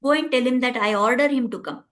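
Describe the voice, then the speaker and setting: A woman's voice: on the high side, fast talker, fairly bright tone, lightly acted. A woman voicing a commanding male deity in a spoken devotional story.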